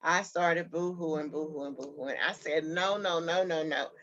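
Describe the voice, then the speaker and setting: A woman's voice: low-pitched, steady tone, unhurried, a bit bright, muffled recording. A woman guest telling a personal story in an interview, earnest and heartfelt.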